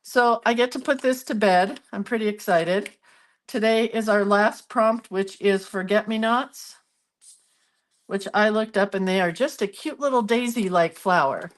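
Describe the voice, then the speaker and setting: A woman hosts a live art stream from her home, talking slowly and warmly to viewers as she works. She greets people by name and chats casually about her crafts. Her voice sits at a middle pitch. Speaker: art livestream host.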